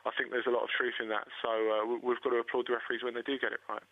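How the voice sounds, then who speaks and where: A man's voice: mid-range voice, flat delivery, very fast, no room sound. A man calling into a radio football phone-in, earnest and stammering, repeating words as he makes his point. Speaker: caller. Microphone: telephone. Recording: tinny phone line.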